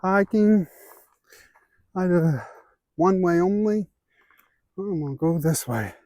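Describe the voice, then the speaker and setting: His high-pitched voice is expressive and a little mellow, and he takes his time. Out on an outdoor trail with a handheld camera, this Ozark Southern American hiking vlogger chats casually with viewers as he walks, slightly breathless from climbing. The casual walking vlog has no echo.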